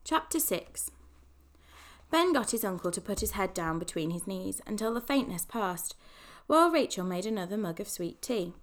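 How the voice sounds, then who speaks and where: A woman narrating a children's novel aloud in a measured, expressive reading, shifting voices for the characters. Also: medium pitch. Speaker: audiobook narrator. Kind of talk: storybook reading.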